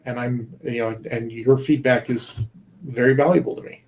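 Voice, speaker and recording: A man's voice: medium pitch, steady tone, moderate pace, darkish tone, slight background noise. A middle-aged man, a game developer guest, talking earnestly and rambling, with many fillers and restarts, over a video call. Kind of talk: casual conversation.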